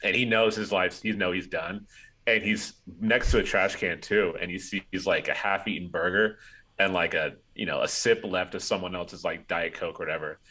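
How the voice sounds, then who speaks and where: A man's voice: deep voice, fairly even intonation, normal speed, bright, forceful tone. A man chatting casually on a podcast, rambling with lots of fillers while retelling a movie scene. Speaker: podcast co-host. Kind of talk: casual chat.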